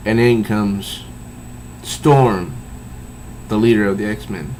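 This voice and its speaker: Give me a slow-talking man reviewing comics, halting and casual. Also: fairly low pitch, darkish tone, a little hiss or hum, poor audio. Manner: halting, with many restarts.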